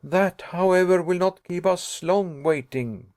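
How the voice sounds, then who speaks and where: A man voicing an excitable young nephew who pleads in agitation, pitched above his narrating voice. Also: measured pace. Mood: desperate.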